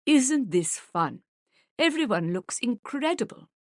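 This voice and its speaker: A woman's voice: a little high, big pitch swings, takes it slowly, no echo, studio quality, voice pushed up. A woman voicing a stylish, friendly woman who speaks with a slight German accent, in an audiobook. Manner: friendly and charming.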